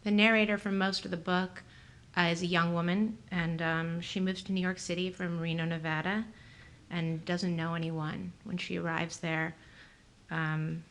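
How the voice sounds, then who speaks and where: A woman author giving a measured, low-key reading from her novel at a library event. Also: little pitch movement. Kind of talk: reading fiction aloud.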